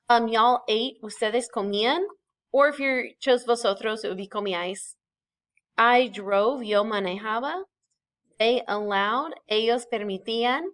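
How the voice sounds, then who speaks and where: A woman's voice: medium pitch, a bit bright. A woman, teaching a recorded classroom lesson in a patient, explanatory way, with fillers and small self-corrections. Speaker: Spanish teacher.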